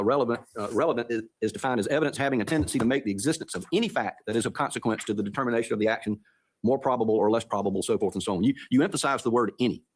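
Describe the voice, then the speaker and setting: A man sits as a justice and questions the lawyer at a brisk pace, polite and searching. He often pauses on "uh" as he works through his doubts about the argument. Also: medium pitch. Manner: courteous, searching questions with hesitations. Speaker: supreme court justice. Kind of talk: questioning counsel at oral argument.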